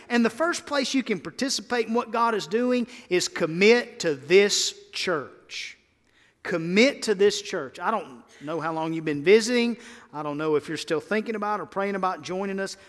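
A man preaching a sermon as pastor, emphatic, swinging between loud exhortation and quiet earnest tones. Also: high-pitched, in a large hall.

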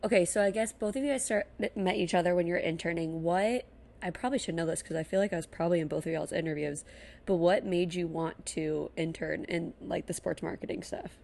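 Chatty young woman podcast host, gravelly. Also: fairly low pitch, a little fast, darkish tone. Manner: chatty, laughs often, says "like" a lot. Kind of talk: casual podcast chat.

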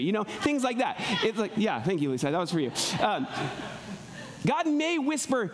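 A man preaching a sermon in a conversational way, often checking in with "right?", moving between soft low asides and raised, emphatic passages. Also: sing-song, normal speed. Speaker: pastor.

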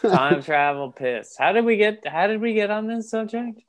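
A man's voice: sits high, expressive, normal speed. A man casually improvising an absurd comic story with a friend on a podcast. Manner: improvises absurd stories, acts out quoted voices. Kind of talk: casual comedic riffing.

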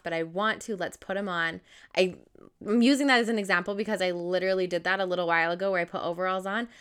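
A woman's voice: medium pitch, fairly bright tone, clear, resonant tone. A young woman vlogging in a casual talk to camera, bubbly and chatty, laughing often and using lots of fillers.

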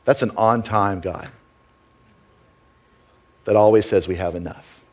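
A man's voice: lowish voice, unhurried. A middle-aged man preaching a sermon as pastor, earnest and conversational, often checking in with "right?".

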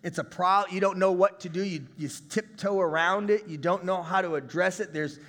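Male pastor, thirties, high bright voice, chatty preaching with shouted bursts, long hall reverb. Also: moderate pace. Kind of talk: sermon.

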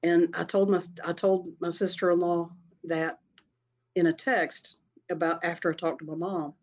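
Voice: medium pitch, flat delivery, moderate pace, dull audio. A speaker telling a personal story in a casual, rambling way, often breaking into laughter. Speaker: storyteller sharing a personal experience.

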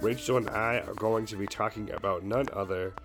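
A man co-hosting a podcast in casual chat, husky at the tail end of a cold, joking in playful banter. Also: fairly low pitch, steady tone, fairly quick, over music. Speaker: podcast co-host.

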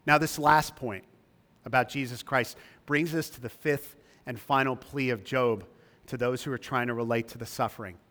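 A man preaching a sermon, emphatic, his voice rising high when he reads scripture aloud. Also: steady tone, normal speed, a bit bright. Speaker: pastor. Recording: long reverb of a large hall.

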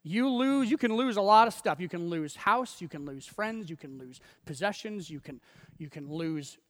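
A man's voice: high voice, expressive, normal speed, fairly bright tone, in a large hall. A man preaching a sermon in a conversational way, acting out quoted voices and laughing often. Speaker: pastor.

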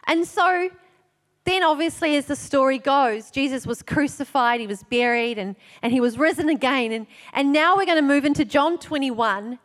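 A woman preacher retelling a scripture story in a sermon, animated, acting out quotes and dropping soft for emphasis. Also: high-pitched. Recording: long hall reverb.

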